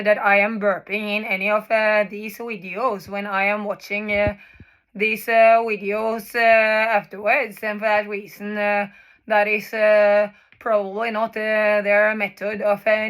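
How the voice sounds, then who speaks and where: A woman's voice: mid-range voice, level tone, unhurried, a bit bright. A woman in her thirties, a native Norwegian speaker from Norway, talking in a personal video monologue. She is emphatic and profane and repeats herself, with frequent filler sounds. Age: 30s. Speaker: vlogger.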